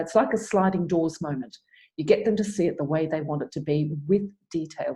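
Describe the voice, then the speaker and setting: Woman arts coach, low mellow voice, patient step-by-step explainer, video call sound. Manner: explains step by step, acting out client dialogue. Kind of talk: online forum talk.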